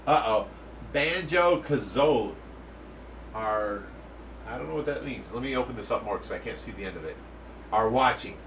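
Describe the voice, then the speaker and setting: Brightly laughing man reading live chat. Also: mid-range voice, lively intonation, distant mic, a little hiss or hum. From Ohio. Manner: laughing, hurried, reads comments aloud. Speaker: fish rescue co-host reading live chat. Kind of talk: casual live-stream chat.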